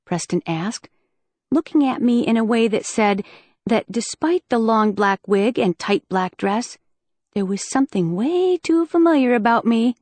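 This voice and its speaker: A woman reading a first-person audiobook in a lively, wry storytelling manner, on a close studio mic. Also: on the high side, unhurried, no echo. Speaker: audiobook narrator.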